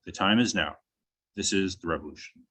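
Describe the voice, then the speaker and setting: Low-voiced man reciting a creed. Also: a little fast, fairly bright tone, slightly rough. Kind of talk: reciting a mission statement. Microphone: video call.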